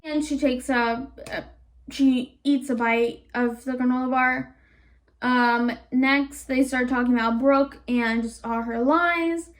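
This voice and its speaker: A woman recapping a cartoon series in a casual, animated way, with sarcastic asides and rambling tangents. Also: sits high, slow. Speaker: YouTube reviewer.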